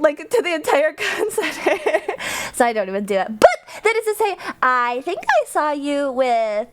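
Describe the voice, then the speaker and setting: A woman streamer chatting casually with her viewers, bubbly and rambling, with quick asides and giggles. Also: high voice, big pitch swings, slight background noise. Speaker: VTuber streamer.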